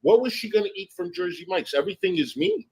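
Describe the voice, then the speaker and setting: A woman's voice: mid-range voice, big pitch swings, fast, a little mellow, husky, poor audio. A woman hosting a gossip livestream, chatting casually in a sassy way and calling people honey and darling. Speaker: livestream host.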